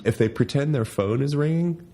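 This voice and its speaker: Mellow and moderately paced, this man co-hosts a casual chat podcast. He tells rambling stories and acts out quotes in a raised, high voice.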